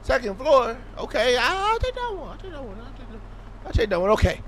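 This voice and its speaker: A man hosting a horror gaming video, joking loudly and often shouting with excitement. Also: very high-pitched, brisk. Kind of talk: horror game commentary.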